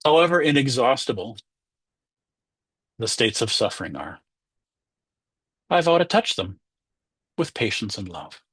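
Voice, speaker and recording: A man's voice: mid-range voice, big pitch swings, measured pace, pauses often, a bit bright, husky, dry recording. A man, a Zen teacher, giving a conversational dharma talk and acting out inner voices.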